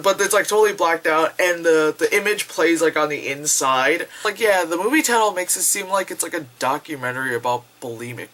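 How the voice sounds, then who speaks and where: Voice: medium pitch, fairly bright tone. A young adult rambling through a casual movie review vlog, packed with fillers and swearing. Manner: rambling, filler-heavy, profane.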